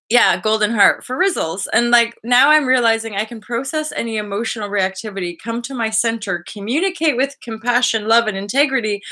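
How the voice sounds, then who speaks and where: A young woman talks casually to her viewers on a live stream. Her voice is bright and clear. She rambles in a spiritual way, with lots of "like" and quick side thoughts. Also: mid-range voice. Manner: chatty and spiritual, with fillers and quick asides.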